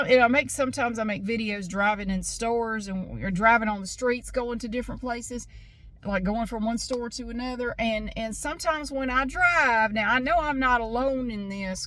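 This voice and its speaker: A woman's voice: fairly high pitch, moderate pace, a bit bright, no echo. A frank, chatty woman in her fifties from the American South, with a Southern accent, rambling through a casual vlog. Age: 50s. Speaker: vlogger.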